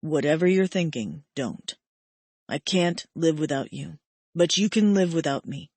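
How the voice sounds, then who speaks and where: A woman doing a hushed, pleading young man. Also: low voice, lively intonation, moderate pace, no echo, pitched below the performer's own voice. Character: desperate young man pleading with his lover. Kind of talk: audiobook character voice.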